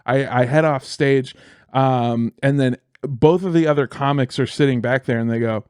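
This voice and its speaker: A man co-hosting a podcast, telling a story about his comedy set in an animated, profane way and laughing as he goes. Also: medium pitch, normal speed, smooth, no room sound, studio quality. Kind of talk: casual storytelling chat.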